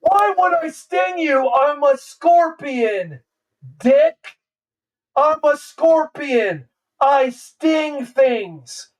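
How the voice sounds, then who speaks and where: A sneering scorpion put on by a man, high and slow, stretching each word with lazy scorn, heard from a distance. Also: animated, full character voice. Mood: smug. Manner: smug, drawn-out, scornful. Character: petulant venomous male scorpion.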